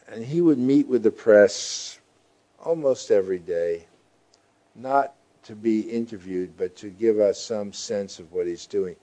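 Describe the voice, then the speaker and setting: Deep, halting older male journalist. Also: warm tone. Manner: halting, with frequent fillers and restarts. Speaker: journalist being interviewed. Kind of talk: reflective interview answers.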